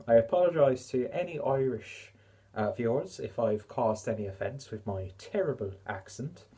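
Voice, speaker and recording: A man's voice: mid-range voice, expressive, moderate pace, mellow. A man giving a casual, enthusiastic beer review, chatting to viewers and swearing now and then.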